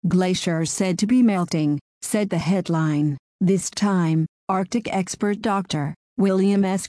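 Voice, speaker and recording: A woman reads scripted political commentary with a mellow, warm tone. Her delivery is sarcastic and mocking. The recording is dry and close, with no room sound. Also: mid-range voice, no echo. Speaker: narrator.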